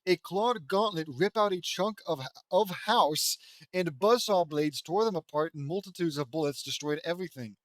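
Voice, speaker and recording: A man with a high-sitting, fairly bright voice reads a fan fiction story aloud at a moderate pace, with no echo. He stumbles over lines and keeps stopping to mock the writing, laughing at it and tossing in sarcastic asides.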